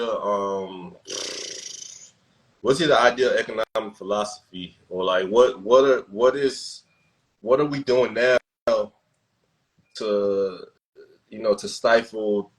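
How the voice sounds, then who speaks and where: A man's voice: fairly low pitch, measured pace, low-quality recording. A man hosting a podcast in casual chat, laid-back, laughing often and restarting his sentences. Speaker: podcast host.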